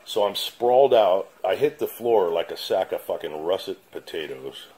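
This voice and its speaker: Deep-voiced blunt, profane man. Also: expressive, normal speed, dark tone, husky, rough recording. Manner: blunt, profane, dramatic storyteller. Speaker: channel host. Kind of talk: casual storytelling to camera. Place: his house basement.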